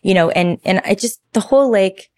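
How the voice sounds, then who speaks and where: A woman's voice: mid-range voice, brisk, no room sound. Chatty woman, dry close mic. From Toronto, Canada. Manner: animated storyteller, chatty, many fillers. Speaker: guest, pilates instructor. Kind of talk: casual podcast interview.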